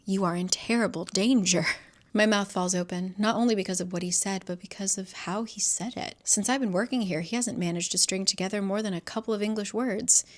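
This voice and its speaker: A woman's voice: mid-range voice, steady tone, a little fast. A young woman talking through a thriller in a casual, chatty way, sometimes dropping into reading the text aloud. She swears freely and acts out the characters' quotes as she retells the plot. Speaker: book vlogger. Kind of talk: casual book reading vlog.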